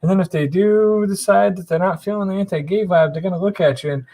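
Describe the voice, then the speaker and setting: A man voicing a big, sassy gay male bouncer, teasing and reassuring in a raised, lively voice. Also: high voice, quick pace, pitched above the performer's own voice, poor audio.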